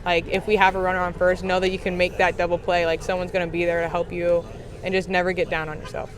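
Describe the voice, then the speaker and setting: Teen girl ballplayer, talks super quick and bubbly, lots of "like", outside at the field. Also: lowish voice, level tone. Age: teens. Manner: bubbly, heavy use of "like". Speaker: high school softball player. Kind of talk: postgame radio interview. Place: outdoors at a ballfield.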